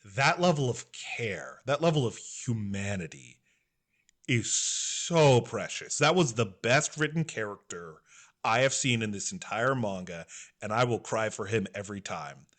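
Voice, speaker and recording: A young adult man recaps a story on a casual podcast, his voice sitting in an ordinary middle range. He tells it with animated, emotional storytelling. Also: fairly low pitch, a little slow. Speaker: podcast co-host.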